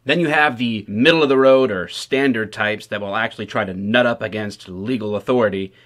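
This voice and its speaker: A man's voice: lowish voice, fairly quick, fairly bright tone. A man from Michigan who works as a police officer, giving casual, wry commentary to the camera with sarcastic asides. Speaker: police officer, video host.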